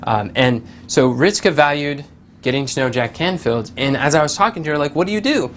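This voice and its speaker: A man giving a casual motivational talk, telling stories with lively quoted voices and many fillers and restarts. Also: on the high side, a little fast, slight background noise. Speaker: motivational speaker.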